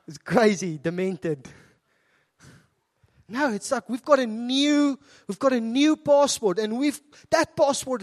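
A middle-aged South African man preaching a sermon in a church, earnest and conversational, with asides to the congregation. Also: high-pitched. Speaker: pastor.

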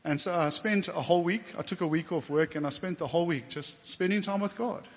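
A man's voice: on the high side, a little fast. South African man preaching in a reverberant church. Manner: emotional, getting teary at times; conversational with fillers and quoted inner speech. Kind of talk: personal testimony sermon. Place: church hall.

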